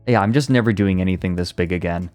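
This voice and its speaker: Guy in his twenties on stream, low voice, reading a book then just chatting. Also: fast, a little mellow, soft background music. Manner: swears and laughs at the text, chatty. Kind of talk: reading a book aloud, then casual chat.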